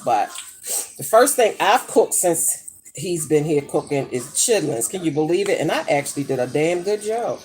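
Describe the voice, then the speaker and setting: With a low, slightly mellow voice and a little background noise, a middle-aged woman from the United States chats as she cooks at home. The vlogger is brash and profane, spinning gossipy stories in casual conversation.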